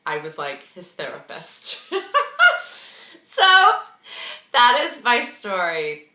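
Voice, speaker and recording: Chatty, animated young woman telling a story. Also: lowish voice, takes it slowly. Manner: chatty and dramatic, full of "like" and "oh my God". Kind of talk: casual storytelling. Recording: roomy echo.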